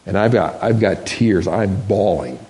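A man preaching a sermon, moving from loud, rising questions to hushed, almost whispered words. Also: deep voice, expressive, unhurried. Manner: dramatic, with wide swings from loud to hushed. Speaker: pastor.

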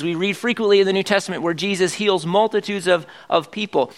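High-voiced man preaching a conversational sermon. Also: fast talker, hardly any pauses, fairly bright tone. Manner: conversational preaching with rhetorical questions to the congregation. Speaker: pastor.

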